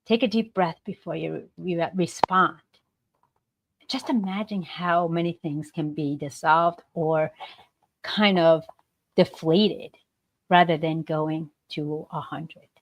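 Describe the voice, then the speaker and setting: A woman from the United States giving an animated motivational talk as a guest on a live stream, shifting her tone to act out examples. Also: sits low, takes it slowly, no echo. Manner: animated, acts out example remarks in varied tones. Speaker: guest speaker. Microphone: video call.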